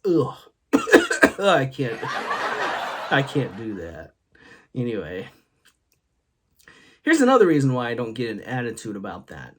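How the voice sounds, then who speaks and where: Man young male host, rambling jokey storyteller, animated up-and-down delivery, laughs at himself. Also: medium pitch, measured pace, pauses often, husky. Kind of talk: casual solo talk video.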